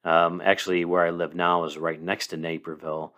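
Low-voiced illinois guy rambling happily about a movie on his podcast. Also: flat delivery, brisk, fairly bright tone. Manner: enthusiastic, rambling. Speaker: podcast host, movie reviewer. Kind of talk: casual solo podcast review.

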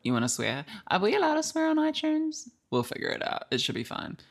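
A woman's voice: high voice, wildly swooping pitch, a little fast. A young woman co-hosting a podcast, chatting casually in a bubbly, playful way and laughing often. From New Zealand. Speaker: podcast co-host. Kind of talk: casual chat.

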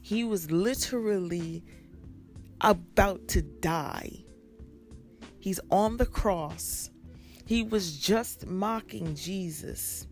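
A woman's voice: medium pitch, drawn-out words, darkish tone, faint music behind. A woman preaching a sermon with an emphatic, repetitive cadence.

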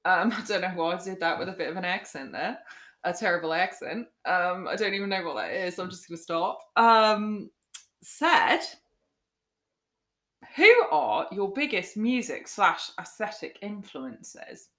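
A woman's voice: fairly low pitch, normal speed, fairly bright tone. A woman co-hosting a podcast in casual chat, giggling often and rambling with lots of fillers. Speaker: podcast co-host. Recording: roomy echo.

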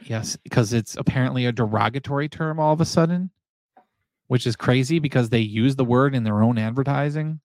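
A man hosting a casual livestream chat, excitable, repeating himself and laughing often. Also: mid-range voice, fairly quick, dry recording. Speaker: podcast host.

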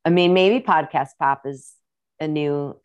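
Speaking a little slowly in a low voice, this young musician with a Midwestern accent rambles a bit as she chats casually as a podcast guest. The audio sounds dull.

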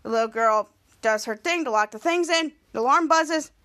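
A woman hosting a podcast, recapping a TV episode in an excitable, rambling way. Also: sits high, normal speed. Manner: excitable and rambling, with many restarts. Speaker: podcast host.

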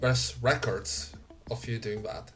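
A game master narrating a tabletop role-playing game in a relaxed way. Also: mid-range voice, slow, soft background music.

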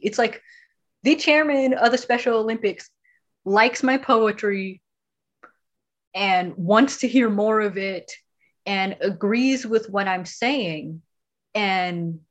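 A woman reads her own poem at an unhurried, deliberate pace. She then chats about it casually, often pausing and restarting as she thinks. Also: mid-range voice, fairly bright tone. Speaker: poet and guest. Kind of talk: poetry reading and casual chat.

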